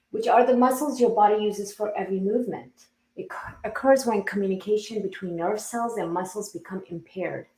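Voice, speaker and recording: A woman hosting a podcast interview, who laughs easily as she introduces her guest. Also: medium pitch. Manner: warm, laughing often. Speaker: podcast host. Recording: roomy echo.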